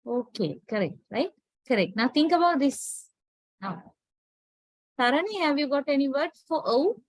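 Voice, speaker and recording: A woman from Sri Lanka teaching English pronunciation in an online class, slow and patient, checking in with a rising "right?". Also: sits high, big pitch swings, dry recording, low-quality recording. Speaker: English lecturer.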